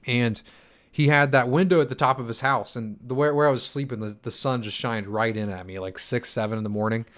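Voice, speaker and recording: A man's voice: medium pitch, steady tone, fairly quick, fairly bright tone. A tired young man in his twenties answers viewer questions on a casual livestream. His talk is loose and chatty, full of fillers and stumbling restarts. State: tired from poor sleep. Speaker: crypto channel host answering chat. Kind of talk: casual live-stream Q&A.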